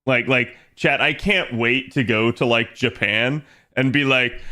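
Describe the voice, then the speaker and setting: A man's voice: mid-range voice, unhurried, pushed and bright. A man chatting casually on a livestream, rambling with lots of fillers and frequent laughter. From United States. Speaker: streamer.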